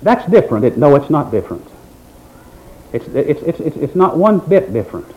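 A man preaching a sermon in a folksy, dramatic manner, with mocking asides in a quiet voice. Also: fairly high pitch, very animated, moderate pace. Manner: folksy Southern-style preaching with dramatic swings in volume. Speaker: pastor. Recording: dull lo-fi recording.

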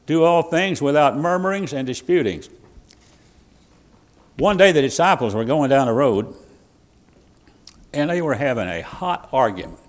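A man preaching a sermon in a folksy way, quoting old scripture, shifting between emphatic bursts and quiet asides. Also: fairly high pitch, animated, a little slow, long pauses. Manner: folksy, quotes King James scripture, chuckles at own jokes. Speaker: pastor.

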